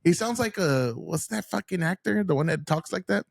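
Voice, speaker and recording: A man's voice: sits high, lively intonation, moderate pace, creaky, dry recording, studio quality. A man hosting a casual podcast, rambling with lots of fillers and swearing freely. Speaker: podcast host.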